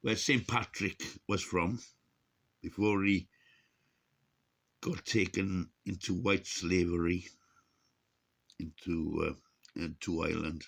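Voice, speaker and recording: A man's voice: sits low, steady tone, takes it slowly, vocal fry, pauses often, a bit bright. A man in his sixties talks in a rambling, casual vlog monologue, chuckling and cursing, his speech slightly unclear from missing teeth. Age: 60s. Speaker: vlogger.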